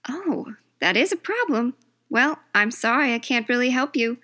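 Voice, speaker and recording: Woman as a chirpy mock radio host, high and bright; comedy call-in skit. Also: expressive. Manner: cheery, brisk, mock-broadcaster.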